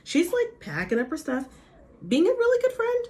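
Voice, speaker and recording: A woman vlogger recapping a reality show in a casual, gossipy, animated way. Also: extremely high pitch, normal speed. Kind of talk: casual chatty recap with impressions.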